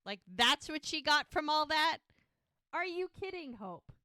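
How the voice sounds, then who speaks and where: A woman's voice: sits high, very animated, unhurried, bright, forceful tone, no echo, studio quality. A woman co-hosting a podcast, casually recapping a TV episode and retelling each scene while quoting the characters. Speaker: podcast co-host.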